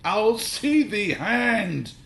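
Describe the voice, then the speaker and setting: A man's voice: high voice, sing-song, very slow, vocal fry, a bit bright, pitched above the performer's own voice, exaggerated voice. A man voicing a dramatic father who flings mock-Shakespearean curses, reading a children's story aloud. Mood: howling. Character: dramatic father, cheerful then howling. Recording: roomy reading with faint hiss.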